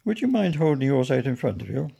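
A weary, stern desk policeman with a gravelly, husky voice, dry and officious in a storybook reading, as a man reads him out. His tone stays mellow and dark. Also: mid-range voice, sing-song, fast talker, lo-fi sound, heavily acted.

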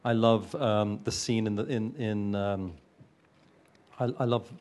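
A man's voice: lowish voice, steady tone, slow pace, a little mellow. A man, a film producer, answering interview questions earnestly, with frequent hesitations and restarts.

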